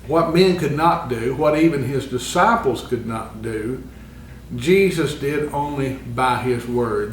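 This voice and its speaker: A man teaching a Bible lesson in a church classroom, earnest and often pausing with fillers. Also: medium pitch, slight background noise. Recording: echoey room, far from the mic.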